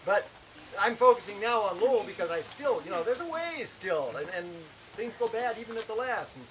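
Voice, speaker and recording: A man telling a personal testimony as a camp worship speaker, animated, acting out the shouted lines of his story. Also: high-pitched, fairly quick, crowd noise, rough recording. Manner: animated, acts out shouted quotes.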